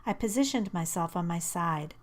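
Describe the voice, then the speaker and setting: A woman narrating a first-person novel as an audiobook, in an intimate, measured and expressive reading. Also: fairly low pitch.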